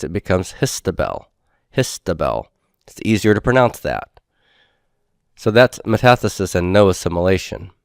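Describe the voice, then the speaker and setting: A man teaching Hebrew grammar in a recorded lecture, explaining patiently step by step, sounding out words slowly and repeating them, and often checking in with "okay". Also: low voice, dry recording, clean studio sound. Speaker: Biblical Hebrew instructor.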